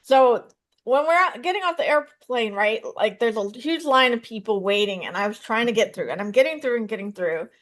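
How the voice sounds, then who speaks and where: A woman in her thirties, a stand-up comedian and psychotherapist, answering interview questions with animated storytelling. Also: on the high side, a little fast. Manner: animated storytelling, acts out voices in her jokes.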